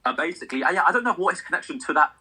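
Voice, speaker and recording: Quick, lively young man. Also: fairly high pitch, slightly rough. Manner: quick, animated, asks questions, teasing. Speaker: film review co-host. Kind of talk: casual chat.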